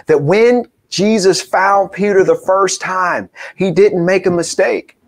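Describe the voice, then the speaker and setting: A man's voice: high-pitched, a little slow, hardly any pauses. A man preaching a sermon in church, who tells stories with animation and acts out the quoted voices. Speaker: pastor.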